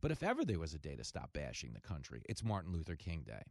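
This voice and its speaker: A man hosting a talk radio show in a fast, jokey monologue, breaking into loud comic bursts. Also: very deep voice, huge pitch swings, gravelly, no echo, studio quality.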